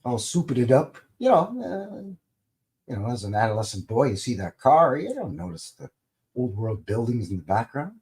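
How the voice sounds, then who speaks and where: Rambling, folksy Canadian live stream host. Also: male voice, medium pitch, sing-song, fairly quick, gravelly, a little mellow. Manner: rambling and folksy, many fillers and restarts. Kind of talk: casual live stream chat.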